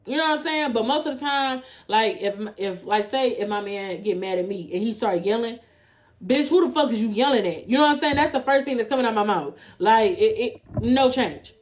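A woman's voice: fairly high pitch, animated, fairly quick, hardly any pauses. A young adult woman, talking casually to her viewers. She speaks bluntly, swears freely and keeps asking "you know what I'm saying". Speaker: vlogger. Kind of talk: casual free talk to viewers.

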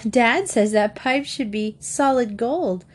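A woman's voice: on the high side, slow, pitched above the performer's own voice. Woman doing a chattering spirited young girl. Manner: bright, chattering and eager.

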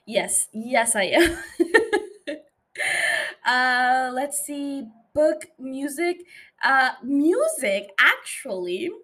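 A woman's voice: sits high, big pitch swings, extremely slow, pauses often, fairly bright tone. A young woman hosting a podcast on her own, chatting loosely and playfully, swearing freely and laughing between thoughts. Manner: loose, profane and playful, with frequent fillers and laughs. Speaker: podcast host. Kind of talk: casual solo podcast chat.

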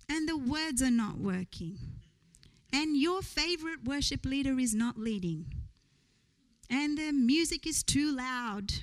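A woman's voice: high voice, rough recording. A woman preaching a sermon in church, earnest, building to rising rhetorical questions.

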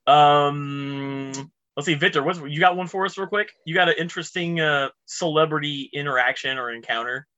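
A man's voice: on the high side, moderate pace, pushed and bright. A man co-hosting a podcast, chatting casually and joking often with the others. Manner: joking, laughs a lot. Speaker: podcast co-host. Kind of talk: casual chat. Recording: dull lo-fi sound.

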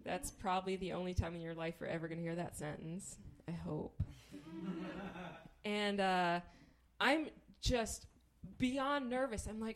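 A woman's voice: mid-range voice, a little slow. A woman from Kansas doing stand-up, telling a story in a wry, profane way and acting out the people in it. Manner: profane, wry, acts out quoted people in voices. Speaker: stand-up comedian.

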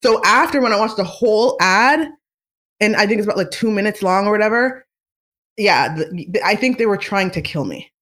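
A vlogger chatting casually and excitedly to the audience, rambling with lots of fillers and sudden gushing. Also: mid-range voice, moderate pace. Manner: excitable, rambling, animated fan. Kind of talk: casual fan chat to camera.

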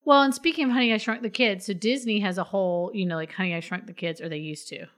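A woman's voice: medium pitch, fairly even intonation, fast. A woman co-hosting a casual chat, teasing her partner with dry banter.

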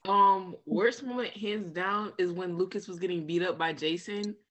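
A woman's voice: on the low side, normal speed, fairly bright tone. A woman talking as a podcast guest in casual chat, dramatic and mock-outraged.

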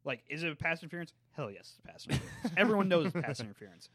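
A man co-hosting a podcast in casual chat, earnest, talking in quick bursts with lots of fillers. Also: on the high side, big pitch swings, bright, forceful tone, slightly rough, no echo, clean studio sound. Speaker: podcast co-host.

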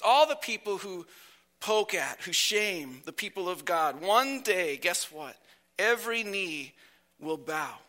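Man, sermon, high-pitched, bright, a bit sick and whiny, emphatic slow phrasing. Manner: earnest, emphatic preaching with slow drawn-out phrases. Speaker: preacher.

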